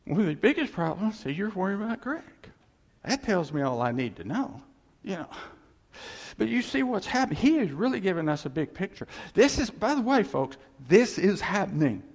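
A man preaching a sermon as pastor, animated and conversational, with folksy asides to the congregation. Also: sits high, moderate pace, long reverb tail.

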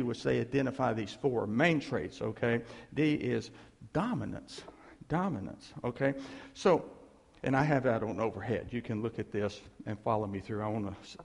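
A male pastor giving a conversational sermon, animated, checking in with the listeners and asking "okay?" again and again. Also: mid-range voice, normal speed, gravelly, in a large hall.

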